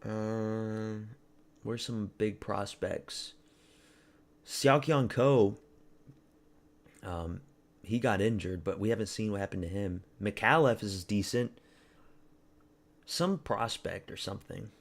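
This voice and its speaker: A man's voice: lowish voice, measured pace, vocal fry. Young Canadian man rambling on a stream. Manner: crude, rambling, talks to chat, mocks fighters. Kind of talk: casual live-stream chat.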